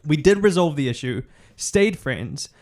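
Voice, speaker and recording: A man's voice: fairly high pitch, animated, unhurried, a little mellow, faint music behind. A young man with a New Zealand accent, a streamer chatting casually and reading out viewer messages. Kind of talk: casual chat.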